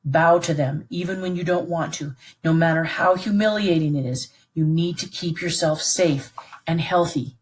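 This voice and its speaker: A woman narrator with a low voice close to her everyday one reads at a moderate pace. She voices a steady, protective, middle-aged British plantation father offering his son earnest reassurance.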